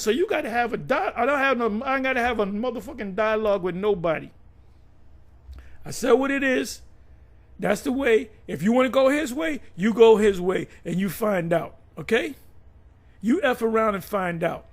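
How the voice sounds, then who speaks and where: Guy with a high voice ranting a sermon, cussing a lot, repeats himself, real combative. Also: lively intonation, moderate pace. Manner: profane, combative, emphatic; repeats and restarts words. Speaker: religious teacher. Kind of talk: preaching rant.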